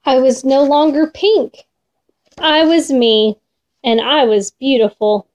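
A woman reading a children's storybook aloud in an expressive, gentle way. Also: high-pitched, takes it slowly.

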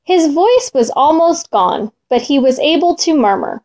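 A woman reading a children's storybook aloud in an expressive, sing-song manner. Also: sits high, a little slow, few pauses.

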